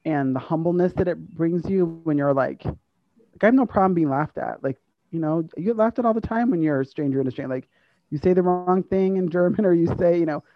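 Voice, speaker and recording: Brief: woman guest, lively storyteller who acts out quotes, heard on a dull, dry lo-fi recording. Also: sits low, no echo. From United States. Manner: animated, acts out quoted dialogue, laughs often. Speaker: interview guest, university staff. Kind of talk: conversational storytelling.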